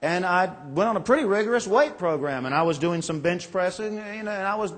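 A man in his late forties delivers a Sunday sermon from the pulpit, spinning folksy anecdotes and poking fun at his own jokes. His voice sits a little high and comes across husky and breathy. A long reverb trails each phrase through the big church. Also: lively intonation, fairly quick. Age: 40s. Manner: folksy storytelling with self-deprecating jokes. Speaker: pastor. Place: church sanctuary. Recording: long echo of a large church.

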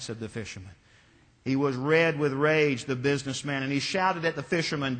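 A man preaching a sermon as pastor, telling stories in a measured, deliberate way. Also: mid-range voice, a bit bright, big-room sound. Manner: measured, storytelling delivery.

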